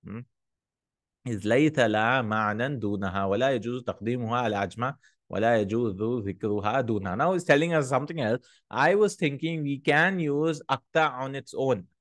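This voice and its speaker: A man teaching Arabic grammar in English, reading the Arabic text quickly and often checking in with a questioning "hmm?". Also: medium pitch, fairly bright tone, no room sound, clean studio sound.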